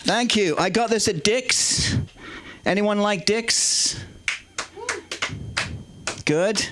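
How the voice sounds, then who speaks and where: A man's voice: high-pitched, very slow, noisy background. A man doing a crude, rambling stand-up set and working the crowd with call-and-response. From England. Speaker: stand-up comedian.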